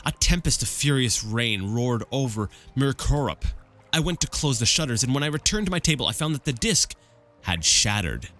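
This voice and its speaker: A man's voice: mid-range voice, a little fast, a bit bright. A man hosting a let's play, reading an in-game book aloud in a casual way, tripping over words and adding chatty asides. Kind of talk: casual read-aloud with commentary.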